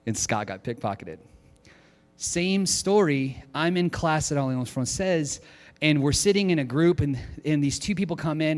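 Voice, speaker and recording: Animated pastor in a reverberant hall. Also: male voice, on the high side. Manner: animated, lively storytelling with acted-out quotes. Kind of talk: storytelling sermon.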